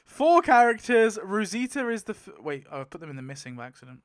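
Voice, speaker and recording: A man thinking aloud in casual commentary as he spins a wheel to rewrite a story, swinging to loud outbursts. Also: on the high side, big pitch swings, racing. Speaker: YouTuber.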